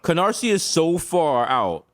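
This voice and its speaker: A man's voice: on the high side, unhurried. A man in his thirties with a New York accent, a podcast co-host telling funny stories and slipping into put-on voices. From the Bronx, New York. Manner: animated, swings into put-on voices for bits. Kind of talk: casual comedic storytelling.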